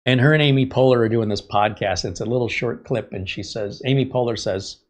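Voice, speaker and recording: A man's voice: mid-range voice, fairly quick, hardly any pauses. Chatty male host telling stories. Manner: chatty, rambling storyteller. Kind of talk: casual live-stream monologue.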